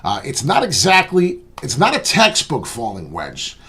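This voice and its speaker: A man hosting a crypto trading channel, giving casual chart commentary in a boastful, rambling, animated way. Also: mid-range voice, a little slow, husky.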